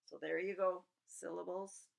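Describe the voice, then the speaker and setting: A woman's voice: on the low side, level tone, measured pace, gravelly, poor audio. A woman teacher giving a recorded grammar lesson, explaining patiently step by step and putting questions to her students.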